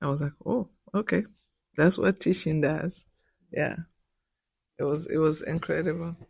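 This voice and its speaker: Creaky-voiced woman in her sixties, emotional. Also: sits low, steady tone, moderate pace, a little mellow, no echo. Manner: heartfelt, restarts and repeats words when moved. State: emotional, close to tears. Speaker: guest, literature professor. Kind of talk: emotional personal storytelling. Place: indoor radio studio.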